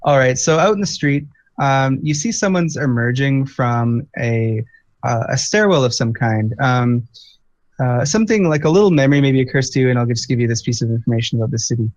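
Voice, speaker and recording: A man's voice: medium pitch, lively intonation, a little fast, darkish tone, dry recording. Man, game master, rambling, lots of ums, dry close sound, muffled lo-fi audio. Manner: rambling, filler-heavy, thinks aloud. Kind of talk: narrating a tabletop game. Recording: dull lo-fi dry recording.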